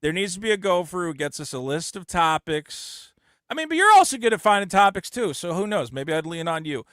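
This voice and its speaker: A man's voice: high voice, big pitch swings, fairly quick, fairly bright tone, dry recording, studio quality. A man hosting a podcast in casual, blunt, profane chat, often mocking others in exaggerated voices. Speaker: podcast host.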